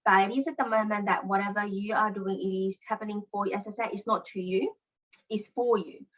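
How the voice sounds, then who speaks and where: A woman leading a spiritual circle, talking in an earnest, lively way with non-native phrasing. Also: medium pitch, brisk, lo-fi sound. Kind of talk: casual group session talk.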